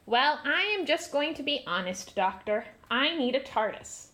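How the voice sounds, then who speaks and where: A woman's voice: sits high, expressive, unhurried, a bit bright. A woman voicing a bossy, clever female cat in a storybook, matter-of-fact and lecturing. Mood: self-assured.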